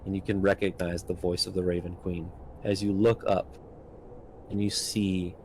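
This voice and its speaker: A man's voice: low voice, little pitch movement, normal speed, darkish tone, slight background noise, poor audio. A man narrating as game master of a tabletop game, casual with frequent ums and likes.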